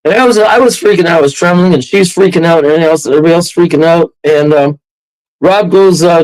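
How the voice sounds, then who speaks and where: A man telling a ghost story as a podcast guest, animated, laughing often and acting out quotes. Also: on the high side, quick pace, low-quality recording. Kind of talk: casual storytelling.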